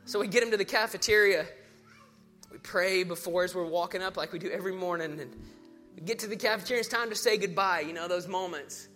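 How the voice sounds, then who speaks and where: High, bright pastor preaching. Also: male voice, fast, soft background music. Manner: animated, swings from hushed to rousing. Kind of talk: sermon storytelling.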